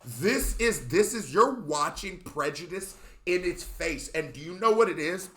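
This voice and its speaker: High bright impassioned male reaction host. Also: expressive, unhurried, few pauses, reverberant. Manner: impassioned, ranting, shouts at times. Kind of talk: animated reaction commentary.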